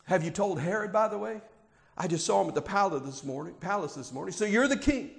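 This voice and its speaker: A scoffing Roman governor fires off sarcastic, needling questions, as a male preacher acts him out. The voice sits high and keeps jabbing. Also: lively intonation, quick pace, gravelly, long reverb tail. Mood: mocking. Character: mocking skeptical Roman governor, man.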